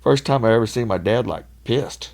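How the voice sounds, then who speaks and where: A man's voice: mid-range voice, moderate pace, a little mellow. A middle-aged man, telling stories as a podcast guest, swearing freely and laughing often. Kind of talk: casual storytelling.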